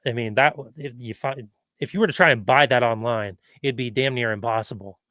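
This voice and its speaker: Man on a podcast, eager, rambling, mid-pitched voice, dry close sound. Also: fairly quick, bright, forceful tone, no echo. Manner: eager and agreeable, with rambling asides. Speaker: podcast guest. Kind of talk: casual interview chat.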